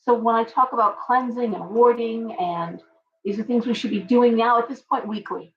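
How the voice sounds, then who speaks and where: A woman's voice: a little high, normal speed, distant mic. A middle-aged woman hosting a live stream as a tarot reader, chatting casually in a rambling way and greeting viewers by name. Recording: dull, lo-fi sound from off-mic.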